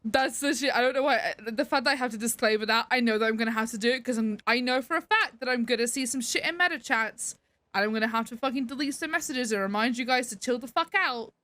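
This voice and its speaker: A woman's voice: a little high, quick pace, sharp tone. A woman livestreamer chatting casually with her viewers, emphatic, swearing freely and laughing often. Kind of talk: casual chat to stream viewers.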